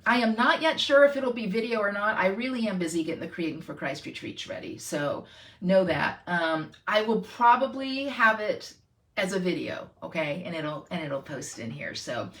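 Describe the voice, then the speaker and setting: Chatty craft host, middle-aged; animated and self-mocking, slightly gravelly. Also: female voice, medium pitch. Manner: bubbly, self-deprecating, talks to viewers.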